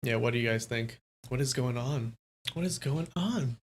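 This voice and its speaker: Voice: medium pitch, normal speed, a little hiss or hum. Casual live-stream novel reader. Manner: casual, playful, chatty asides. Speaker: streamer reading a novel aloud.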